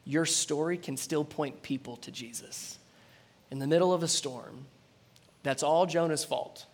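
A high-pitched man delivers a lively sermon from the pulpit. He reads scripture aloud and breaks off to comment, swinging from loud, forceful emphasis to soft, earnest closing appeals. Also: a little slow. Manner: animated, acts out dialogue, swings between loud emphasis and quiet intensity. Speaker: preacher.

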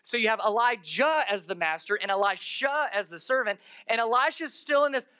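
Bright-voiced pastor preaching. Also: mid-range voice, expressive, a little fast, clean tone. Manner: emphatic, acts out the story's characters. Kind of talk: sermon. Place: church.

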